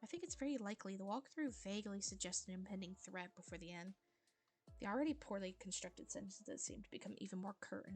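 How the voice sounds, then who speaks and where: A woman voicing a wry, erudite teenage girl, speaking in a measured, dryly formal way. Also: medium pitch, husky.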